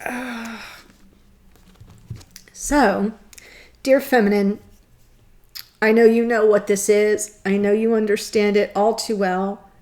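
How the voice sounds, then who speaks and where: A woman's voice: medium pitch, steady tone, a little slow, pauses often, a little mellow. A woman giving a tarot reading to camera, gushing and tearful, laughing through her emotion. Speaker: tarot reader.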